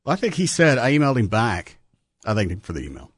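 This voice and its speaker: A man's voice: medium pitch, huge pitch swings, fast, slightly rough, dry recording, studio quality. A man with a Texan accent hosting a radio talk show, joking with his co-host and reading out listener emails. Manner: joking, laughs often, reads emails aloud. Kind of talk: casual radio banter.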